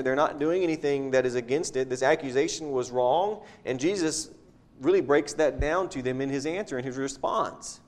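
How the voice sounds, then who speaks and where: Guy preaching, kinda high voice, chatty, repeats himself. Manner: conversational, repeats words, chuckles at points. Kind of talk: sermon.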